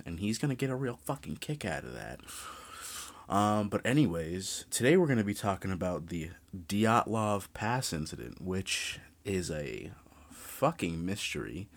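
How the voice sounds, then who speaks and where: A young man hosting a true crime podcast, ranting casually, animated and full of swearing. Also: low-pitched.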